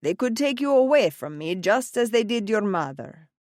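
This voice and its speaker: A woman reading an audiobook, voicing a gruff, overprotective older father with an Italian accent who growls his orders. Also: on the low side, lively intonation, a little slow, dry recording, studio quality. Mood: pleading. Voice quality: growling, stern. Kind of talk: audiobook character voice. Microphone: close studio mic, dry.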